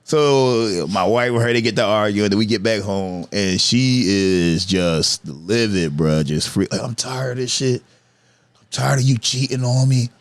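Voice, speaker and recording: A man's voice: lowish voice, unhurried. A man in his thirties telling stories in a casual, profane podcast chat, laughing as he goes. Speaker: podcast guest, comedian.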